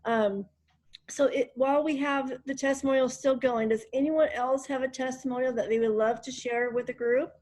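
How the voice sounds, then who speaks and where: A woman with a fairly high voice hosts a group call from a hotel room. She talks casually and chattily, filling her pauses with ums. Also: fairly even intonation, darkish tone. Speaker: host of a group wellness call. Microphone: online group call.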